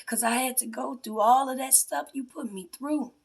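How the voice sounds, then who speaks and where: High-voiced woman confronting her mother. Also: moderate pace, gravelly. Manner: confrontational, swings between hushed whispers and raised accusing voice. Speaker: self-styled spiritual priestess. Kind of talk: emotional personal testimony addressed to her mother.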